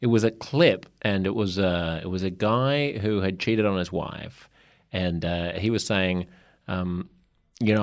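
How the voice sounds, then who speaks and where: A man's voice: deep voice, a little slow, vocal fry, no echo, studio quality. A man hosting an interview, chatting casually with frequent laughs and fillers. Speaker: podcast interviewer.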